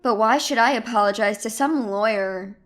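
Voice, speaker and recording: A woman reading an arrogant, dismissive man in an audio story, higher-toned. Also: moderate pace, a bit bright, soft background music, close to an everyday voice. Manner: dismissive, then stammering. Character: arrogant man turned groveling.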